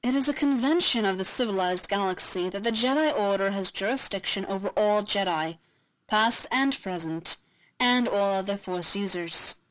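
A woman's voice: mid-range voice, moderate pace, fairly bright tone, lightly acted, rough recording. A woman reading a solemn female Jedi master.

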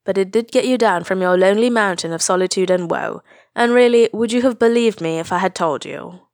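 A woman doing Han, a loud, sarcastic aging smuggler. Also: mid-range voice, brisk, dry recording, studio quality, lightly acted. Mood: exasperated. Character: gruff aging male smuggler, sarcastic, exasperated.

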